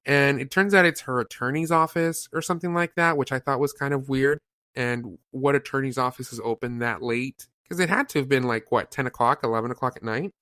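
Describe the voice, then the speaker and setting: Smooth-voiced man retelling a film. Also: medium pitch, a little fast, dry recording, clean studio sound. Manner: animated storytelling, retelling scenes with repeated filler. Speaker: podcast host reviewing a film. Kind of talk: casual chat.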